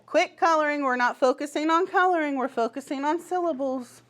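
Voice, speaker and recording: A woman's voice: high voice, a little fast, fairly bright tone. Upbeat preschool teacher, a woman. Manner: upbeat and encouraging, gives short firm directions to small children. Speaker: pre-kindergarten teacher. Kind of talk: classroom instruction. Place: classroom.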